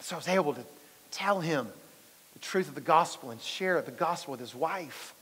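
A man preaching to his congregation in an easy, storytelling way, often asking them questions. His voice sits high. The sound carries the long reverb of a large church hall. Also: animated, normal speed, a bit bright, breathy edge. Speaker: pastor. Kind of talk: conversational sermon. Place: church sanctuary.

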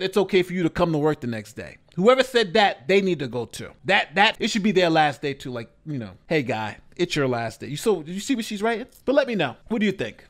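A man hosting reaction commentary on a news story, talking in an animated, incredulous way with lots of rhetorical questions. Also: sits high. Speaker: commentary host.

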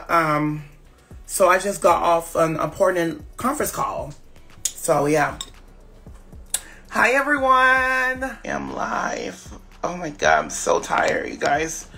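A man rambles into his phone on a casual livestream, drawn-out and halting with lots of fillers. His voice has a gravelly fry and a bright, tense tone. Faint music plays underneath. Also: fairly high pitch. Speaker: live streamer.

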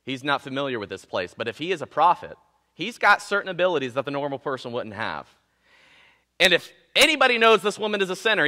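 A man preaching a sermon in a church auditorium, animated and conversational, joking with the congregation. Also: high-pitched. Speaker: pastor.

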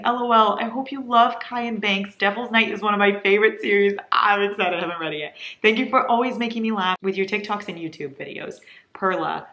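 A young woman vlogging as she opens book mail, gushing and excitable in a casual chat. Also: mid-range voice. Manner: gushing, excitable, breathless with delight. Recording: echoey room with faint noise.

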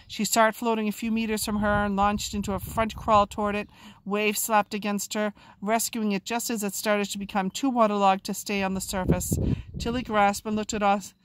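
A woman reading a children's book aloud with expressive, lively narration. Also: mid-range voice, brisk, slight background noise. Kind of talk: storybook read-aloud.

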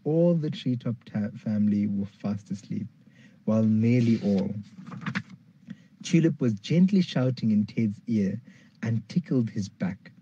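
A man reading a children's dinosaur story aloud, lively, jumping up high for the characters' lines. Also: unhurried, muffled recording, slight background noise.

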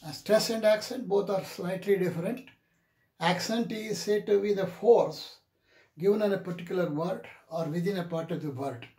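A man teaching an English pronunciation lesson in a deliberate way, repeating each example word several times. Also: high-pitched, a little mellow. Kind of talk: classroom lecture on pronunciation. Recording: echoey room.

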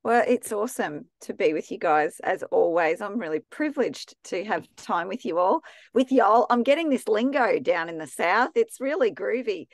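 A woman's voice: mid-range voice, animated, moderate pace, hardly any pauses, dry recording. A woman with an Australian accent, teaching an online theology class in a chatty, enthusiastic way with many restarts. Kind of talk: casual, chatty teaching talk.

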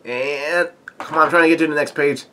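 Halting man reading a comic aloud. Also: on the high side, steady tone, bright, forceful tone. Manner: halting, many fillers, chuckles at the story. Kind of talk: casual comic read-along with commentary.

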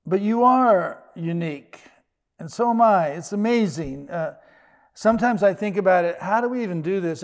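Older guy preaching, kinda high voice, chatty and jokey, trips over words a bit. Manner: conversational, joking asides with quick restarts. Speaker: pastor. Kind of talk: sermon.

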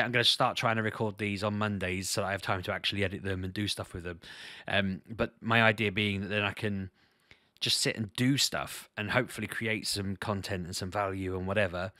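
A man's voice: lowish voice, pushed and bright, dry recording, studio quality. A young man vlogging casually about his week, rambling with restarts and mocking quotes. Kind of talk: casual personal vlog.

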